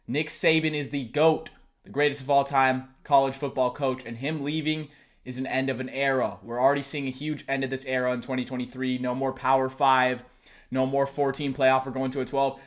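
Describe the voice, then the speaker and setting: A young man vlogging about college football, talking live and out of breath, excited and rambling. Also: medium pitch, a little fast. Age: young adult. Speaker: sports vlogger. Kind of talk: live unscripted vlog reaction. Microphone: close mic, camera and laptop.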